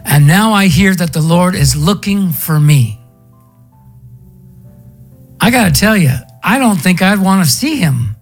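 A man's voice: high voice, animated, a little slow, long pauses, faint music behind. A male pastor preaching a sermon in a conversational storytelling way, drawing out words for emphasis.

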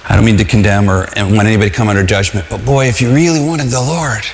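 A man preaching a sermon in an earnest, conversational way, at times crying out loudly and at times stumbling over restarts. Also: fairly low pitch, a little hiss or hum. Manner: earnest, conversational, with shouted cries and halting restarts. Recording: long hall reverb.

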